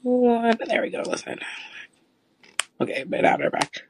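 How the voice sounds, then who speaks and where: A woman from the West Indies hosting a live call-in podcast, an attorney who talks in an animated, teasing, slangy way. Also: on the high side, a little slow, a little hiss or hum. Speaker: host and attorney.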